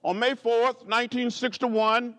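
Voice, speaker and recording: An older man from rural Alabama, giving a measured, rhythmic speech with repeated phrases, like a preacher. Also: very high voice, little pitch movement, pushed and bright. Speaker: guest speaker at a library author event. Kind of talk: oratorical storytelling speech.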